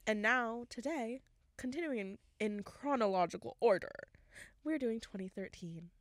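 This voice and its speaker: A woman's voice: fairly high pitch, animated, moderate pace, no room sound. A woman in her twenties co-hosting a podcast, rambling in a laid-back way with lots of fillers while smoking. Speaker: podcast co-host. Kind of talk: casual chat.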